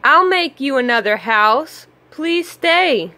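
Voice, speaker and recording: A woman's voice: sits high, expressive, slow, bright, forceful tone, full character voice. A woman reading aloud and voicing an eager, helpful male dog in a storybook, bouncy and earnest.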